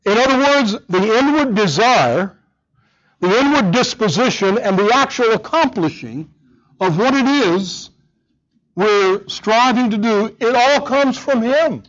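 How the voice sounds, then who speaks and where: A man's voice: high-pitched, expressive, a little slow, fairly bright tone, highs cut off. A man preaching a sermon, earnest and emphatic, often repeating words as he drives a point home. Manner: earnest, emphatic, with frequent repetitions.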